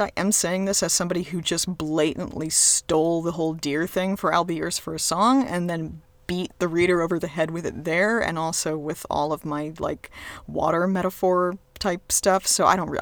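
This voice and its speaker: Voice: mid-range voice, dry recording. A TV reviewer talking casually and sarcastically, rambling with restarts and swearing freely. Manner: frequent restarts and fillers. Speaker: episode reviewer.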